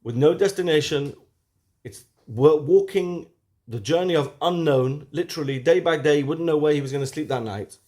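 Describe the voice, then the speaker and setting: Brit guy teaching a weekly torah lesson, lively, loud then quiet, lots of questions. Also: on the high side, moderate pace. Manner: animated, rhetorical questions, shifts from loud to hushed.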